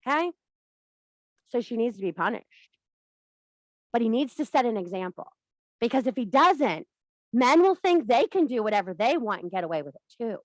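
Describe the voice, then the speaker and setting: A woman leading a workshop who retells an old story in a profane, animated lecture and speaks straight to her audience. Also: on the high side, normal speed, no echo. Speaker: workshop leader.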